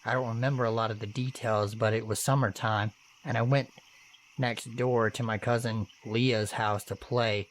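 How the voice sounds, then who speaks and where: A man's voice: medium pitch, normal speed, a little hiss or hum. Man narrating scary true stories. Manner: steady, earnest storytelling with casual swearing. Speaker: horror story narrator. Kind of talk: first-person horror story narration.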